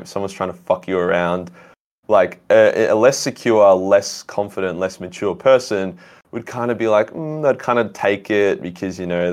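Podcast guest, man, very deep voice, blunt animated storyteller. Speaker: guest, content creator. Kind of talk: casual podcast chat.

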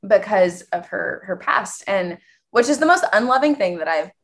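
A woman's voice: medium pitch, animated, normal speed. A young woman co-hosting a podcast, telling a personal story candidly and animatedly, with many fillers. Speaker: podcast co-host. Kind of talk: casual podcast conversation.

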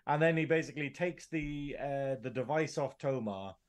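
A man co-hosting a podcast, retelling scenes in an animated way and acting out the lines. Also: fairly high pitch, moderate pace. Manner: animated retelling with acted quotes. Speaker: podcast co-host. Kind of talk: casual review chat.

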